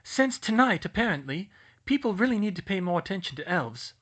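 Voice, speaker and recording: A man voicing a clever, brisk schoolgirl witch who speaks decisively. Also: sits high, very animated, a bit bright, pitched above the performer's own voice, full character voice.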